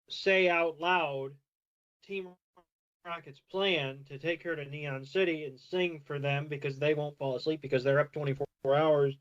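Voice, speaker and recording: A man's voice: on the high side, fairly bright tone, lo-fi sound. A man co-hosting a podcast, chatting about a cartoon in a laid-back, matter-of-fact way. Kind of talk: casual podcast chat.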